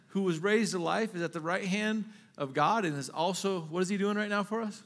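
A pastor with a high-pitched voice delivers a fervent sermon at a brisk clip with few pauses. He alternates between booming rhetorical questions and quiet, hushed asides, repeating phrases and restarting sentences along the way.

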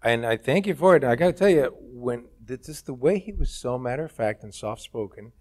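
A man's voice: medium pitch, animated, a little fast, a little mellow. A man who is the guest actor at a college talk, speaking in a casual, musing, conversational way. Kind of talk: onstage conversation. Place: college event stage.

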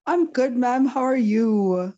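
A polite, eager student calling in to a live lesson, a woman with a mellow, dark voice. Her audio is dull and lo-fi, like a muffled call line. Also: on the high side, expressive, slow. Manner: polite, eager, calls the teacher ma'am. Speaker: student caller.

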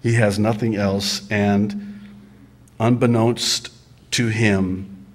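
A man's voice: on the low side, little pitch movement, very slow. A male pastor preaching a sermon in a conversational, humorous way, often restarting his sentences with a stammer.

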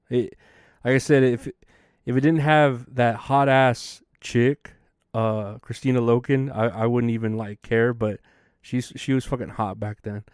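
A man's voice: medium pitch, a little mellow, clean tone, no echo, studio quality. A young man hosting a solo podcast, rambling casually with lots of swearing and laughter. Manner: rambling and profane, laughs often. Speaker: podcast host.

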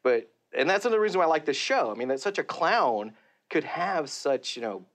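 Animated, laughing male voice actor. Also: on the high side, brisk. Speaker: voice actor guest. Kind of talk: casual interview.

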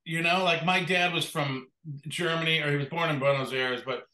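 Bright-voiced host in his sixties, echoey room. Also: on the high side, fairly even intonation, moderate pace. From Wisconsin. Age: 60s. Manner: joking, teasing questions. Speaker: podcast host. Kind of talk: casual interview chat.

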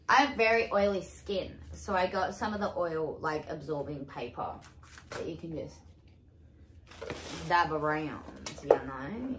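A young woman in her twenties chatting casually through a haul unboxing, excitable, exclaiming and swearing freely. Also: lowish voice, measured pace. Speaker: vlogger. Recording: echoey room with faint hiss.

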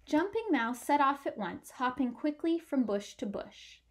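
A woman reading a picture book aloud with clear, expressive storytelling. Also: sits high, measured pace.

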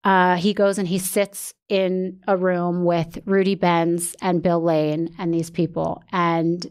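A woman's voice: fairly low pitch, little pitch movement, slow, darkish tone, clean tone. A woman podcast host telling a personal story in a candid, earnest way, with many fillers and restarts.

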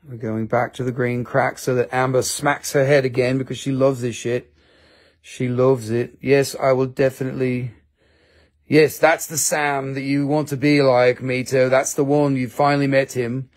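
A man hosting a live selling stream, bantering and joking with viewers. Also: medium pitch.

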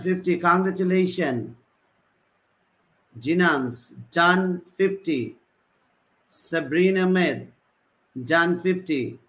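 A man teaching a live online class, repeating example sentences with a halting delivery. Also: a little high, a bit bright, low-quality recording. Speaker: English teacher.

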